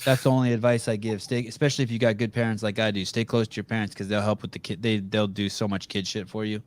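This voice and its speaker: A man's voice: fairly low pitch, little pitch movement, fast talker. A man hosting a podcast, talking over a video call in a blunt, profane, rambling way. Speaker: podcast host. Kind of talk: casual interview chat.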